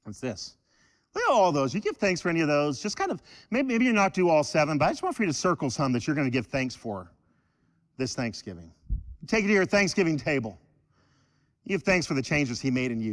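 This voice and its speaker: High-voiced, animated joking pastor. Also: male voice, long reverb tail. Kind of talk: sermon. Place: church.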